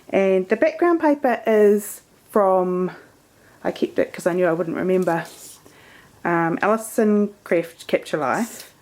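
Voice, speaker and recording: A woman's voice: lowish voice, darkish tone. A woman chatting through her scrapbook page in a casual, meandering way. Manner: chatty and meandering, many fillers. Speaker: scrapbooking vlogger. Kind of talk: casual crafting show-and-tell.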